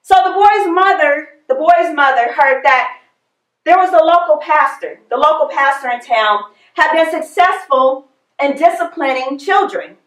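A woman with a high voice preaches slowly, leaving space between her phrases. She repeats her words for emphasis. The sound is echoey, as if she is in a large room. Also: a bit bright. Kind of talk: sermon.

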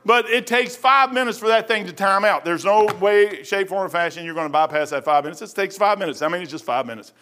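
A man preaching a sermon in a church, telling a personal story in a folksy, animated way and often tossing in "man". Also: high voice, fast, hardly any pauses.

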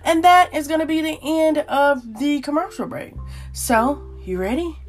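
A woman's voice: high-pitched, measured pace, faint music behind. A woman hosting her own podcast, with playful, chatty talk and story time aimed straight at her listeners. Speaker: podcast host. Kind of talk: casual chat and story time.

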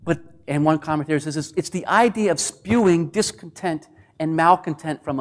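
A man delivers a sermon in a notably high-pitched voice. He preaches with animation, slipping into the voices of complainers and sometimes dropping close to a whisper. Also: moderate pace. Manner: animated preaching, acts out grumbling voices, drops to near whispers. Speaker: pastor.

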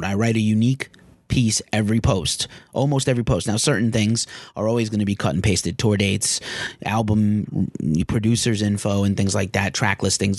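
A man's voice: lowish voice, no echo. A man who is a music journalist and podcast host, talking candidly in casual podcast chat, frank and a little exasperated.

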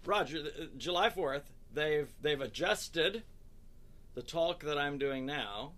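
Lively man in his fifties, bright voice. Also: on the high side, slow. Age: 50s. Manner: lively storyteller, chuckling, animated asides. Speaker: podcast host and speaker. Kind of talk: casual podcast chat.

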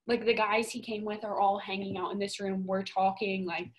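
A young woman co-hosting a podcast, telling a story in a casual, animated way and swearing a lot. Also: medium pitch, moderate pace, rough recording. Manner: animated, profane, emphatic storytelling. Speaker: podcast co-host.

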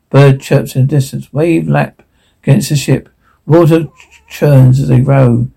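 A man reads a screenplay aloud, calling out each sound cue in a plain, unhurried voice that stumbles and restarts now and then. His tone is gravelly and a little husky. It sits dark and mellow, slightly higher than most men's. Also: fairly even intonation, rough recording. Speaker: reader. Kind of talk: reading a screenplay aloud, all parts and sound cues.

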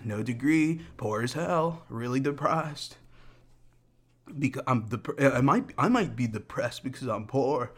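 A man's voice: medium pitch, fairly bright tone. A young adult man hosting a casual solo podcast, rambling through tangents in a joking, self-deprecating way. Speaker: podcast host.

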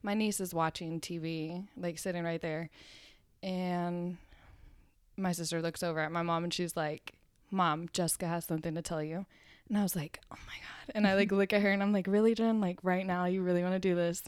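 A woman's voice: fairly low pitch, fairly quick, clear, resonant tone, no room sound. Young woman guest, chatty, acts out relatives' voices mid-story, dry close sound. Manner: animated storyteller who acts out family members' lines. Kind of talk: casual chat.

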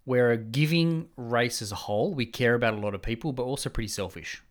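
A man's voice: mid-range voice, a little fast. A man in casual conversation, arguing and speculating in long run-on points. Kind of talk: casual chat.

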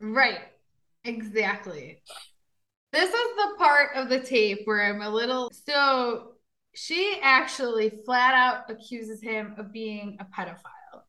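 A woman's voice: on the high side, animated, takes it slowly, pushed and bright. A woman co-hosting a podcast, casually recounting a true crime case with lots of fillers. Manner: chatty storyteller, frequent fillers and laughs.

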